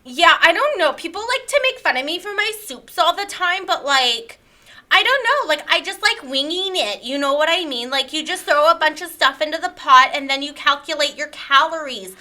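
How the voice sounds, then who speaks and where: A woman's voice: sits high, animated, moderate pace, bright, forceful tone, heavily acted. A woman putting on a whiny, self-pitying young online personality in a comedic parody, with a put-on Southern drawl, defensive and full of "like, you guys". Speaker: podcast guest character.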